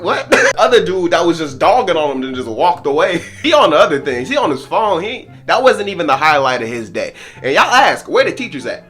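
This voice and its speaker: Animated young man telling a comedy story. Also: medium pitch. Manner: animated, laughing often, dramatic narrator asides. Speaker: storytelling vlogger.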